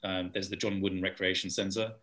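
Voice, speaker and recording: A young man from England tells stories in a relaxed conversation, full of energy. He slips into impressions of other people as he goes. His voice sits on the low side. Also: a little fast. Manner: animated storyteller, mimics voices in anecdotes. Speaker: guest. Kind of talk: casual chat.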